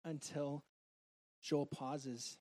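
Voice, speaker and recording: A man preaching a sermon and sharing a personal testimony, earnest and heartfelt, moving between loud and soft delivery. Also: on the high side, steady tone, extremely slow.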